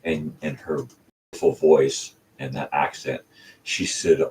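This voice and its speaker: A man's voice: very deep voice, steady tone, a little slow, darkish tone. An older man hosting his own channel, telling a casual, rambling story full of ums and restarts. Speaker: channel host. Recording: distant mic with faint hiss.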